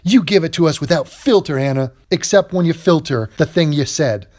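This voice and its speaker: A man's voice: a little high, expressive, brisk, a little mellow. A man giving a sarcastic, profane reaction commentary, recorded on a phone while in bed at home. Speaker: online commentator.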